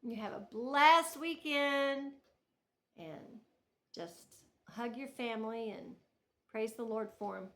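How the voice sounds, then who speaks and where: A middle-aged woman talks to her viewers in a chatty, rambling way, laughing as she tells family stories. Her voice is bright and sits a little high. She often stops and restarts her sentences. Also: slow. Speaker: knitting vlogger. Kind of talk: casual storytelling to camera.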